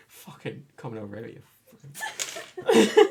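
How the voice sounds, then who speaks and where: A man chatting on a casual livestream, his voice bouncing widely up and down in pitch. He jokes, swears freely and breaks into laughter often, sitting at a mid pitch for a man. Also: huge pitch swings, unhurried, vocal fry, heavy background noise. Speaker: streamer.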